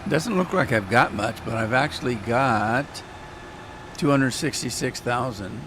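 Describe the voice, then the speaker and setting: A man's voice: medium pitch, a little slow, noisy background. A man casually talking through a farming game on a live stream, joking with his chat. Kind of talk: casual gameplay commentary.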